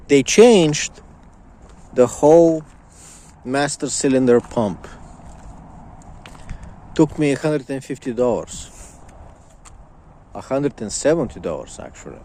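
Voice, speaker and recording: A man's voice: medium pitch, warm tone. A young man in a casual vlog, ranting angrily with lots of swearing and repetition. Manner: angry, profane, repetitive ranting. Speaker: vlogger.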